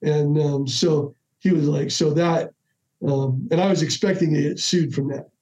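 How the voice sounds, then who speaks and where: A middle-aged man, a podcast guest, telling stories in a casual, animated way and acting out the dialogue with lots of restarts. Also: a little high, normal speed. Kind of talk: casual storytelling. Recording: dull lo-fi audio.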